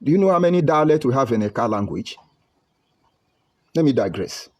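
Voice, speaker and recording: A man's voice: mid-range voice, animated, brisk. A middle-aged Nigerian man speaking in a heated monologue with a Nigerian English accent, firing off rhetorical questions. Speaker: political commentator. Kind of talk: impassioned online monologue.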